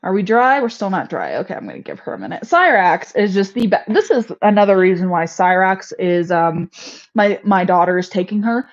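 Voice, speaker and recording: A chatty woman hosting a casual homestead livestream, laughing at her own mishaps. Her pitch sits in the middle range. The audio is a little dull and lo-fi. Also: sing-song, a little fast.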